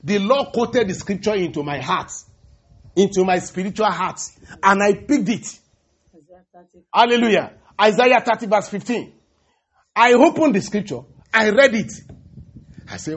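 High, husky male preacher, lo-fi. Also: expressive, a bit bright. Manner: halting, repeats words, calls out hallelujah and praise the Lord. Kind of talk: sermon. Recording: dull lo-fi recording.

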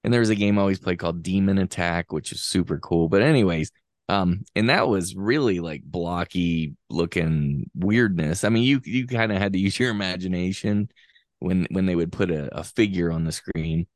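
A man's voice: sits low, normal speed, no room sound, clean studio sound. A man in his forties, a guest on a podcast, chatting in an easygoing, reflective way. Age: 40s. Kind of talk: casual chat.

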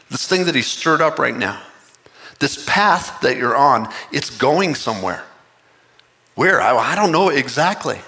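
A man preaching a sermon, impassioned and earnest, with excited rising bursts. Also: mid-range voice, creaky, big-room sound. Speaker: pastor.

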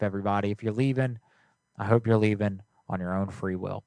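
A young man hosting a prank call show, joking loudly and rambling in casual chat. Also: fairly low pitch, fairly even intonation, a little fast, no echo.

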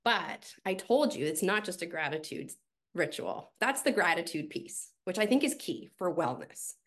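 A middle-aged woman, a team coach, talking as a guest in a podcast interview, telling stories in an animated way with casual fillers. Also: on the low side, normal speed.

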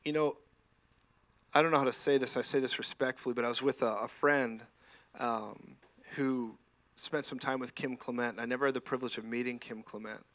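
A man in his forties delivers a lively sermon from a church stage, moving between personal stories and exclamations of praise. His voice is mid-pitched and he talks with enthusiasm, often breaking into laughter. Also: brisk. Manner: enthusiastic, laughing asides, frequent praise interjections. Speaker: preacher. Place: church sanctuary.

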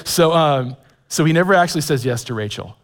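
A man's voice: on the high side, animated, a little fast, long reverb tail. A man in his forties preaching a sermon, telling stories with self-deprecating humor, many fillers and restarts. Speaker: pastor. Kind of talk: sermon with personal storytelling.

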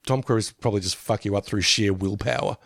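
A man's voice: lowish voice, a little fast, creaky, a bit bright, dry recording, clean studio sound. A man in his fifties co-hosting a podcast in casual chat, who laughs often, swears and acts out quotes. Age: 50s. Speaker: podcast co-host.

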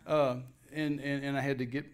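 A minister telling a lively personal story as a talk show guest, acting out the scenes as he goes. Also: mid-range voice, normal speed, clear, resonant tone. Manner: animated storyteller, acts out scenes.

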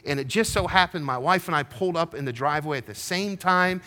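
A middle-aged man preaching a sermon, telling a personal story, moving from hushed confession to rising fervor. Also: fairly high pitch, fast. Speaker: pastor.

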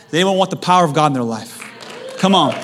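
A young man preaching a sermon to his church, conversational and joking, with sudden loud emphasis. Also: on the high side, lively intonation, quick pace, some chatter behind. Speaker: pastor. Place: church hall.

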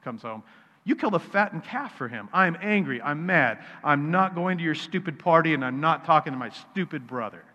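A man's voice: on the high side, expressive, a little fast, a bit bright. A male preacher voicing a resentful, dutiful older son who indignantly lists everything he has done right. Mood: angry. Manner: aggrieved listing of his good deeds. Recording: reverberant hall, dull sound.

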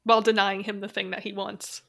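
A woman's voice: mid-range voice, little pitch movement, fairly quick, gravelly, a bit bright. A woman co-hosting a casual film podcast, talking things through in a thoughtful, slightly hesitant way. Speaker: podcast co-host. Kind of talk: casual chat.

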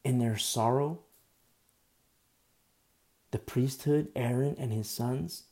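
A man preaching a sermon in an emphatic, conversational way, swinging from loud bursts to hushed asides. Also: mid-range voice, takes it slowly.

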